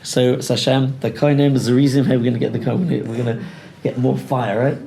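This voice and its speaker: A male rabbi who leads a seminar, talks in a lively, joking way and brings the audience in. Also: mid-range voice, fast talker, gravelly, slight background noise. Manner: animated, joking, talking to the audience. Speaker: rabbi leading a parenting seminar. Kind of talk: lively seminar talk with role-play. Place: lecture hall.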